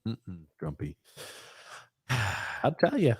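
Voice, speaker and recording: A man's voice: on the low side, wildly swooping pitch, slow pace, mellow, breathy edge, dry recording, clean studio sound. A man co-hosting a live hockey watchalong podcast, with a New York accent, teasing his co-host and reading viewer comments aloud. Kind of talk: live game watchalong chat.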